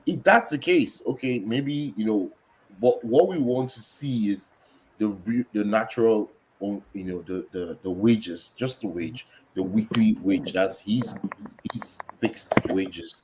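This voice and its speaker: A man with a lowish voice co-hosts a football chat, working through his point in a measured way and leaning on fillers. There is a faint hiss behind him. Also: a little mellow, low-quality recording. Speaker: podcast co-host.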